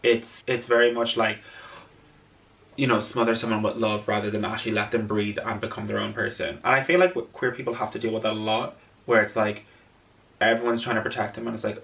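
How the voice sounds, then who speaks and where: A man's voice: mid-range voice, fairly even intonation, a little fast, creaky, fairly bright tone, distant mic. A man chatting casually through a film analysis vlog, rambling with lots of filler words, recorded indoors late at night. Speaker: video essayist.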